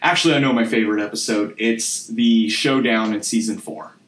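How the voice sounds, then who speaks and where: A man's voice: fairly low pitch, fairly even intonation, brisk, fairly bright tone, a little hiss or hum. A man co-hosting a casual podcast chat, bantering and laughing often. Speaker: podcast co-host. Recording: echoey room.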